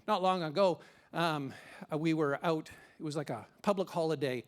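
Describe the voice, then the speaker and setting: A man, preaching a sermon as pastor with animated, emphatic storytelling. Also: moderate pace. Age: 50s. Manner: animated, emphatic storytelling with sudden rises in pitch and loudness.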